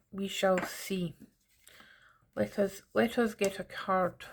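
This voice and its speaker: A woman's voice: medium pitch, fairly even intonation, slow pace, creaky, long pauses, noisy background. A middle-aged woman giving a chatty, teasing tarot reading straight to her viewers. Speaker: tarot reader. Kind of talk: casual tarot reading to camera.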